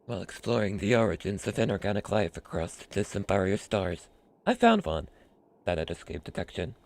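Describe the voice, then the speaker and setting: A man voicing a stately male robot scholar in a slow, formal robotic monotone. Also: sits low, voice pushed down. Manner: measured, formal delivery.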